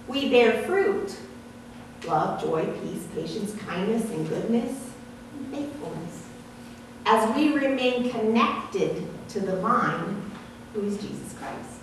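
Slow, echoey woman pastor preaching. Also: a little high, animated, a little hiss or hum. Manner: measured, listing and explaining with warm asides. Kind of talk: sermon. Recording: echoey hall from far off.

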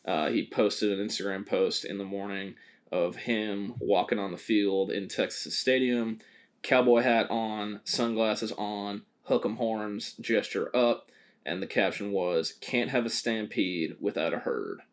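A man with a somewhat low voice co-hosts a casual sports podcast. He talks in a loose, joking way, tossing in swear words and plenty of filler. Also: fairly even intonation, measured pace. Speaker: podcast co-host.

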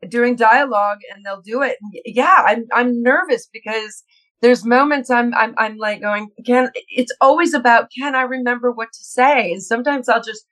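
A middle-aged woman, a guest actress, chatting in an interview and telling lively stories about her work, acting out her own nervous thoughts with laughs and restarts. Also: a little high, moderate pace, rough recording. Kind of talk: casual interview chat.

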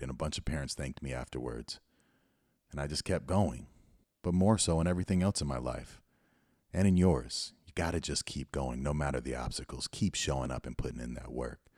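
A middle-aged man with a very low, deep voice talks straight into a dry, close mic. He hosts a motivational podcast and tells his story in an earnest, encouraging way. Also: darkish tone, dry recording. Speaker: podcast host and youth football coach.

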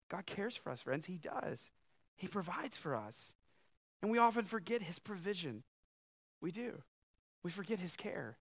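A man's voice: high-pitched, very animated, normal speed, fairly bright tone. Young guy pastor preaching, chatty and jokey, voice jumps up and down a lot. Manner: conversational, joking asides, rising emphasis. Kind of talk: sermon.

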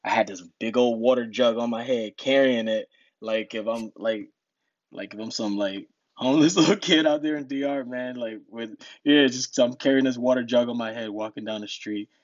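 A man's voice: mid-range voice, normal speed, dry recording, lo-fi sound. A young man from New Jersey, a podcast guest telling stories in a laid-back way, laughing often. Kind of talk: casual storytelling.

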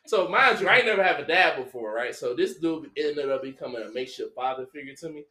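A man hosting a podcast, telling stories in a loud, animated, laughing way. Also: medium pitch, quick pace, few pauses. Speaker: podcast host. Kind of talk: casual chat, storytelling. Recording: echoey room.

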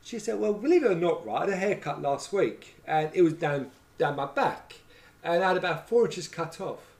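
A middle-aged man tells stories in a loose, rambling way, tagging his sentences with "right?" and "you know what I mean?". His voice sits a little higher than most men's. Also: animated, moderate pace, a little mellow. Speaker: former hairdresser telling stories. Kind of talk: casual chat, anecdotes.

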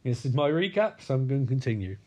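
A man's voice: mid-range voice, sing-song, fast, warm tone. A man giving a casual film recap in a crude, sarcastic, profane way.

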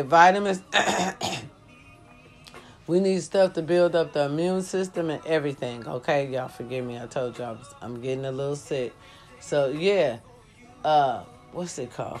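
A woman's voice: sits low, darkish tone. A woman who is sick, lying down and talking bluntly to her viewers, swearing freely and giving life advice. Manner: blunt, preachy, swears freely, says y'all often. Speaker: vlogger. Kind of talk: casual talk to viewers.

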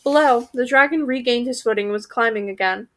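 A woman's voice: a little high, brisk, a bit bright. A woman reading a children's fantasy story aloud, voicing the characters and stopping to correct her own slips.

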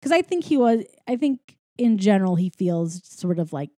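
A woman's voice: mid-range voice, sing-song, normal speed, warm tone, dry recording, studio quality. A woman recapping a film plot in casual chat, rambling with lots of fillers. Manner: rambling, filler-heavy storytelling.

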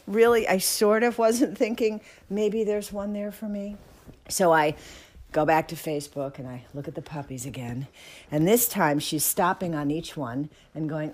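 A middle-aged woman telling a rambling personal story about dogs at home, animated, with squealing quoted excitement. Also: lowish voice, normal speed. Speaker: dog owner telling a story. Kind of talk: casual storytelling. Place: outdoors then indoors at home with dogs.

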